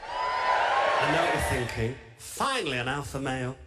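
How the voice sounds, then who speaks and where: Camp stand-up with a Birmingham accent. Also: male voice, on the high side, huge pitch swings, a little slow, over loud music, a loud crowd. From England. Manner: camp, self-mocking, chatty. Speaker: stand-up comedian. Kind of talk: stand-up routine. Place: large theatre stage. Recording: live stage mic with heavy noise.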